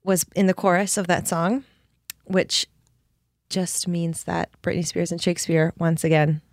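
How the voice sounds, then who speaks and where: A woman's voice: lowish voice, unhurried, dry recording, clean studio sound. A woman co-hosting a casual chat, reading from an article and acting out the quotes with giggles. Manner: reads article aloud, giggly, animated quoting. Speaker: podcast co-host.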